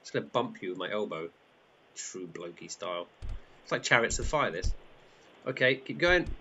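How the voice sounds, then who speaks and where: A man hosting a group in excitable, chatty live commentary, often laughing as he talks. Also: fairly low pitch, moderate pace, highs cut off, slight background noise. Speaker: group host.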